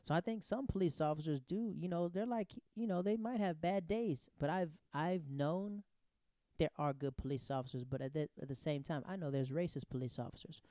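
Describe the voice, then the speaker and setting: A man in his thirties telling personal stories in a casual, animated, digressive way, often restarting his sentences. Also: on the high side, brisk, dry recording, clean studio sound. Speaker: storyteller. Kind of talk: casual anecdotal storytelling.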